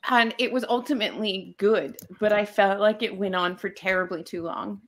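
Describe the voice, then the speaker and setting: A woman with an American accent chatting casually about books with friends, teasing and quick to joke. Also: medium pitch. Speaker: book chat guest. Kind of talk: casual group book chat.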